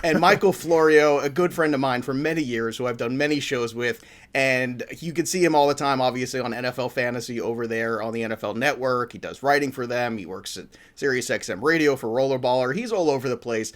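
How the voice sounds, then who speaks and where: A man's voice: medium pitch, fairly quick, few pauses. A man hosting a fantasy football talk show, joking and enthusiastic, with a rambling, playful manner. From Italian-American family. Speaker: podcast host. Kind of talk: upbeat sports talk.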